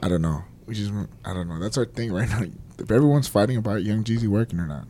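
A man's voice: on the low side, fast, dark tone, a little hiss or hum. A man co-hosting a casual podcast chat, blunt and mocking, laughing and swearing as he talks. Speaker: podcast co-host.

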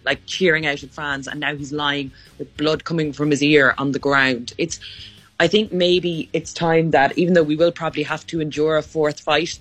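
A woman giving emphatic, opinionated views as a sports panelist. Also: low-pitched. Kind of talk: casual sports chat.

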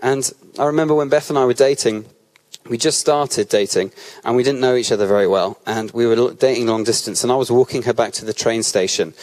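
A man with a British accent preaching in an easygoing, conversational way, weaving personal anecdotes into his teaching. He often breaks off and restarts his sentences as he tells a story. His voice sits at an ordinary, mid-range pitch. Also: a little mellow. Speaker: church speaker.

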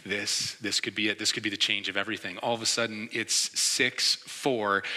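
A man in his forties from New York delivers a sermon as a vivid anecdote, mimicking the people in his story. His voice is strikingly bright and cutting. It rings out with a long reverb, as in a large sanctuary. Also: mid-range voice. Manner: lively storyteller, acts out quoted reactions. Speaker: pastor.

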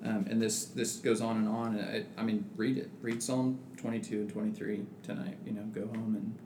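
A man's voice: lowish voice, level tone, brisk, warm tone. A man in casual religious discussion who talks thoughtfully with many restarts and reads scripture aloud. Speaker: podcast co-host. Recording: echoey room with background noise.

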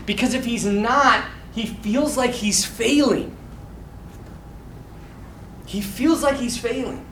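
A man giving a casual, animated Bible teaching to a class, talking loosely with fillers and restarts. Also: very high-pitched, slow, reverberant, far from the mic, a little hiss or hum, poor audio. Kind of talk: casual teaching talk to a mixed group.

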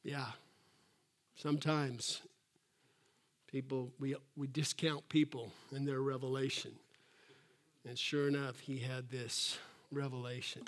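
A man preaching a sermon as pastor, animated, acting out quotes in a raised voice and dropping to soft asides. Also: mid-range voice, slow pace, pauses often.

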